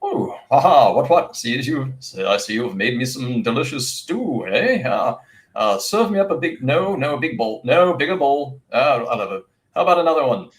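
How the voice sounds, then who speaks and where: A man voicing a gluttonous, boisterous male hare in a tabletop game, loud and excitable, stumbling over his words. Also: medium pitch, normal speed, pitched above the performer's own voice, close to an everyday voice. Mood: greedy, jolly.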